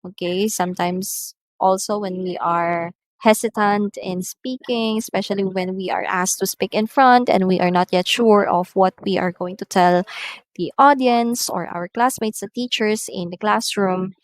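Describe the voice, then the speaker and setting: A woman's voice: medium pitch, a little slow, no room sound. A woman, an English teacher explaining patiently and reading out example sentences in a recorded lesson.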